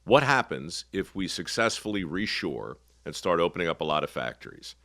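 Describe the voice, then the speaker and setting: A man's voice: sits low, very animated, normal speed, bright, forceful tone, dry recording, clean studio sound. Folksy emphatic man hosting a podcast. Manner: folksy, teasing, emphatic storyteller. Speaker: podcast host. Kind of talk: casual conversational interview.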